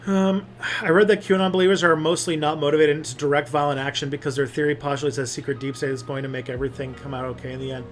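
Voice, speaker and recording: A man's voice: fairly high pitch, flat delivery, fast. A young man hosting a casual livestream, reading viewer comments and rambling with many fillers and restarts. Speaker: livestream host.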